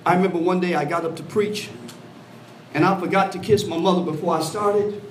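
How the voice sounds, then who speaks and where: A man preaching an animated call-and-response sermon, recorded from a distance in a church. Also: a little fast, slight background noise. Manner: animated call-and-response preaching, voice swooping high for quoted women. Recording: echoey hall, mic from afar.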